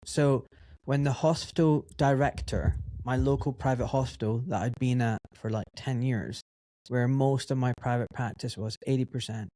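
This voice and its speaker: A man hosting a podcast interview, summarizing his guest and telling stories in a lively, chatty way. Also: medium pitch, normal speed, dry recording. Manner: summarizes and tells stories, animated. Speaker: podcast host. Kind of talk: casual interview chat.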